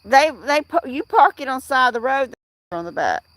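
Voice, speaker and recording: A woman's voice: high-pitched, very animated, normal speed, a bit bright, dry recording. A middle-aged woman hosting a casual livestream, rambling with many fillers and restarts as she answers viewers in chat. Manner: replies to chat viewers by name. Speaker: livestream host.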